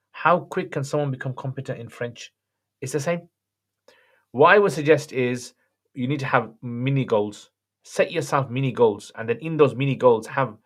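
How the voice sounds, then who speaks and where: A man hosting a livestream and answering viewer questions in a relaxed, chatty way. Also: medium pitch. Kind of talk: casual chat.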